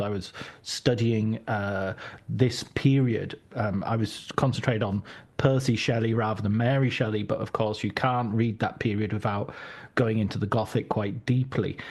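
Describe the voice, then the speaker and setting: A man's voice: medium pitch, a little mellow. A man from Cumbria hosting a podcast interview, chatty and self-deprecating. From Barrow-in-Furness, Cumbria, England. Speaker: podcast host. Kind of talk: conversational interview.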